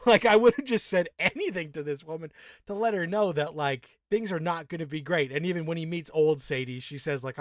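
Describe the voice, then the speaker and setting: A man's voice: on the high side, moderate pace, fairly bright tone, no room sound, clean studio sound. A man co-hosting a podcast, talking in a casual, sarcastic way with lots of swearing and laughter. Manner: profane, sarcastic, laughs often. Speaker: podcast co-host. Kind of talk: casual chat.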